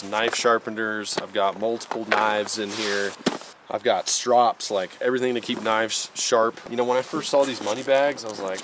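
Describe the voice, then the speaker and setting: Winded, easygoing man with a low voice. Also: noisy background. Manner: easygoing, folksy, says y'all. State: a little out of breath. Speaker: outdoor vlogger. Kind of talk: casual camping vlog. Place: outdoors at a mountain campsite.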